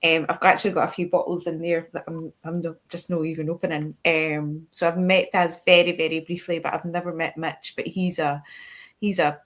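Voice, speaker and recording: A woman's voice: low voice, flat delivery, a little fast. A Scottish woman, a podcast guest, chatting casually on a video call, often restarting her sentences and laughing easily. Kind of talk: casual chat.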